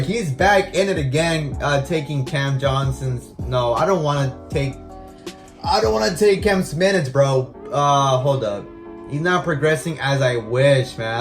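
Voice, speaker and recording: A young man giving casual gameplay commentary as a video game channel host, talking in a slangy way and venting his frustration. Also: medium pitch. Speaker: gaming YouTuber.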